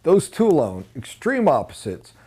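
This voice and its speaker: Animated, emphatic male sales trainer. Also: normal speed, husky. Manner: animated and emphatic, with sudden loud high bursts; blunt and informal.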